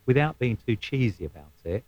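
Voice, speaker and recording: A man's voice: medium pitch, sing-song, brisk, darkish tone, dry recording, dull audio. A man co-hosting a radio show, chatting casually and teasing listeners in playful banter. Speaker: radio co-host. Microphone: studio mic.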